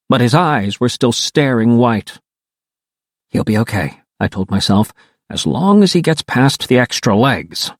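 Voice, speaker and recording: A man reading a first-person audiobook in a wry, animated storytelling manner. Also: medium pitch, no echo, clean studio sound. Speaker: audiobook narrator.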